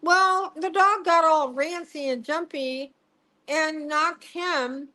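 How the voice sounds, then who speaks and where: Brief: middle-aged woman, slightly high voice, salty and animated storyteller in an interview. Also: slow pace, rough recording. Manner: swearing, laughing, acting out quotes. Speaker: psychic medium guest.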